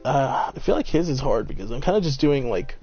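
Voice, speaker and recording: A man's voice: mid-range voice, very animated, fairly quick, mellow, slightly rough. A man in a mid-range voice reads a dating game aloud on stream, breaking off for casual, joking asides. The audio is a little dull, with faint game music underneath.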